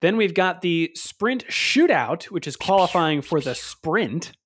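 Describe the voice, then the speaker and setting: A man's voice: high voice, lively intonation, a little slow, a bit bright. A man co-hosting a podcast in casual chat, playful and laughing, stumbling over hard names. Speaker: podcast co-host.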